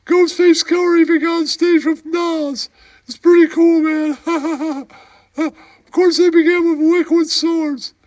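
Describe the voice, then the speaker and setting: A man voicing a goofy, crude puppet man who giggles and keeps shouting a catchphrase in a puppet comedy bit. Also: very high voice, flat delivery, takes it slowly, voice pushed up. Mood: giddy.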